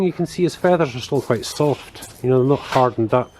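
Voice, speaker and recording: A man's voice: mid-range voice, fairly quick, darkish tone, slight background noise. A man filming outdoors at a bird of prey centre, cooing fondly at the birds and asking them little questions. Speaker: family vlogger filming. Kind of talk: casual vlog commentary.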